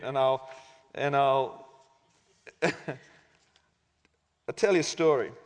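A man's voice: on the high side, fairly bright tone. A male preacher giving a conversational sermon and reading a story aloud. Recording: long hall reverb.

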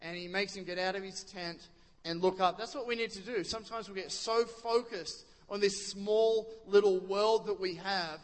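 A man's voice: sits high, moderate pace, big-room sound. A man preaching a sermon in a chatty way, often stopping to ask the congregation questions. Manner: conversational, quizzes the congregation, many restarts. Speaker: pastor.

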